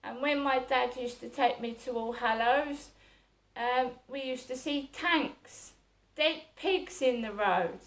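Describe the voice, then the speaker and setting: A woman's voice: sits high, takes it slowly. A middle-aged woman, talking through her day in a rambling, aggrieved personal monologue that circles back on itself. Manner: rambling and aggrieved, repeating herself. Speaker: vlogger.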